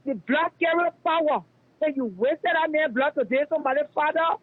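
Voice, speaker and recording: A man's voice: extremely high pitch, expressive, moderate pace. A man with a Liberian English accent calling in to a radio show, delivering a fiery, repetitive rant that denounces people by name. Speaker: radio caller. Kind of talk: heated call-in rant. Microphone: phone. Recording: tinny phone line.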